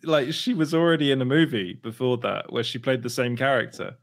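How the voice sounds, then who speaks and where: Brief: male podcast co-host, mid-pitched, giggly, stop-start delivery. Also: animated. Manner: laughs often, quick restarts. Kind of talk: casual chat.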